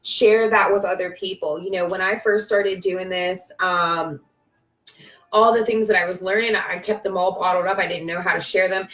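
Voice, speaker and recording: A woman's voice: lowish voice, steady tone, moderate pace, a bit bright. Emphatic woman coaching from a distance. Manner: emphatic and repetitive, with bursts of cheering and swearing. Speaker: spiritual life coach on a live video. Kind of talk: casual live-stream pep talk. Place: at home, on a live stream. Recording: roomy echo from a distance.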